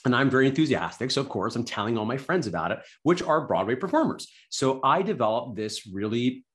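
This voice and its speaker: A man telling his story as a podcast guest, animated and enthusiastic, self-deprecating, full of "like" and "right?". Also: medium pitch, a little fast. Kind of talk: casual storytelling interview.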